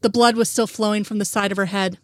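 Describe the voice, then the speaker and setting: A woman's voice: mid-range voice, steady tone, fast, no echo. Woman narrating a fanfic, dry sound. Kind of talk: first-person audiobook narration.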